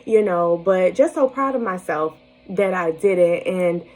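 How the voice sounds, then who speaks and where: Chatty young single mom vlogging. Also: female voice, on the low side, expressive, a little slow, a little mellow, soft background music, poor audio. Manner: chatty, laughs often while telling; speaks directly and reassuringly to viewers. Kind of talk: casual storytelling to camera.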